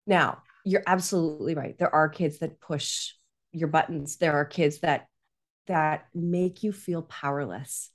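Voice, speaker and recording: A woman's voice: deep voice, fairly even intonation, a little slow. A woman talking as a parenting coach in conversation. She is earnest and often checks in with "right?". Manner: earnest, frequently adds "right?". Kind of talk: conversational guest explanation.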